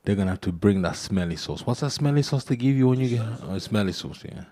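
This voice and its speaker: Joking, animated boxer. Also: male voice, on the low side, fast. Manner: joking, animated storytelling, laughs often. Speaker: boxer, interview guest. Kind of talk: casual interview banter.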